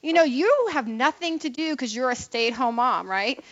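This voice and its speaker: A woman hosting a talk radio show, brash and opinionated, firing off quick asides to her co-host and listeners. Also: high-pitched, animated, a bit bright. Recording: dull lo-fi radio broadcast.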